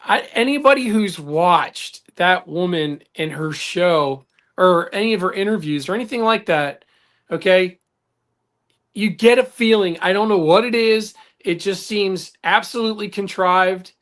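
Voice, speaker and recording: A man's voice: sits high, measured pace, a bit bright. Blunt guy on a talk show, heated, swears a lot. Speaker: podcast co-host. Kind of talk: casual chat.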